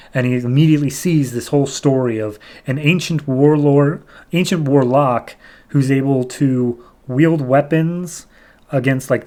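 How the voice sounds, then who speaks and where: A man's voice: mid-range voice, a little mellow. A man hosting a podcast, casually recapping comic book issues, rambling and briefly acting out characters' lines. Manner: rambling, retells scenes with quick quoted character voices. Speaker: podcast host.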